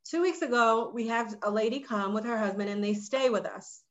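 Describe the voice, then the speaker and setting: A woman who runs a short-term rental, telling a story in a casual podcast chat and getting animated when she quotes people. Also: a little high, normal speed.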